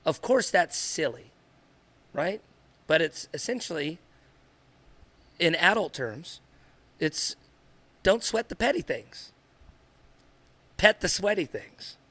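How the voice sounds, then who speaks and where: Man, podcast co-host, high gravelly bright voice, earnest and rambling, dry close sound. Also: sing-song, takes it slowly, pauses often, no room sound. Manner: earnest, rambling, repeats himself. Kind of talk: candid podcast conversation.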